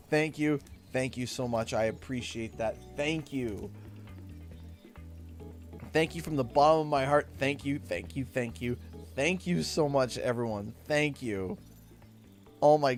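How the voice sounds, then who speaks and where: A Canadian man live-streaming a game, excitable and thanking viewers over and over. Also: mid-range voice, slow, soft background music. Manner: excitable, thanks donors warmly and often. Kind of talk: live gameplay stream chat.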